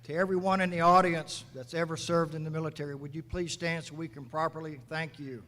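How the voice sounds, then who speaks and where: A man's voice: fairly high pitch, flat delivery, a little fast, pushed and bright. Grandfatherly man speaking in an echoey hall. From United States. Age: 60s. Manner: folksy storytelling with quoted dialogue. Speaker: mayor giving a graduation speech. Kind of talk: commencement address. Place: large graduation venue. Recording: echoey hall from a public address.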